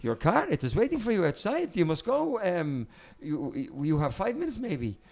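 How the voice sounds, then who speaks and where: A man's voice: high voice, lively intonation, fast talker, a little mellow, pitched above the performer's own voice. A man voicing a young Italian woman at a hotel who keeps pressing him in broken English. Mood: insistent. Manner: broken English, pushy and repetitive.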